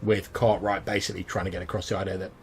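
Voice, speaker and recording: A man narrating as game master over an online call in a casual, halting way. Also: deep voice, level tone, slight background noise.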